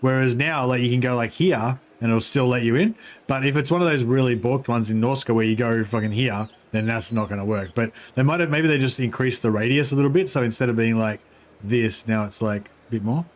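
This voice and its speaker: Eating while he speaks, a male streamer gives halting, easygoing, meandering commentary on his strategy game livestream. His voice sits in the mid range.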